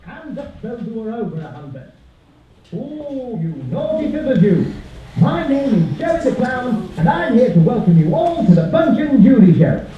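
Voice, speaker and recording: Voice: mid-range voice, big pitch swings, normal speed, noisy background, close to an everyday voice. A puppeteer playing Joey, a cheery clown hosting a puppet show, teasing and coaxing the children in a sing-song manner. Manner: playful, teasing, sing-song audience banter. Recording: distant echoey muffled outdoor recording with crowd. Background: crowd of children.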